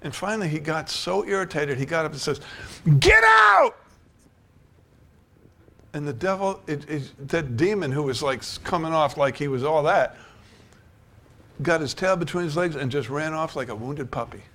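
A man's voice: on the high side, brisk. An older man preaching a sermon, telling stories and building to emphatic declarations. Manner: storytelling, rising to emphatic preaching.

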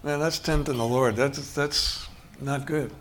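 A man's voice: medium pitch, fairly even intonation, a little slow, noisy background. A man preaching a sermon in a conversational way, acting out short bits of dialogue and chuckling as he goes. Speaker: pastor.

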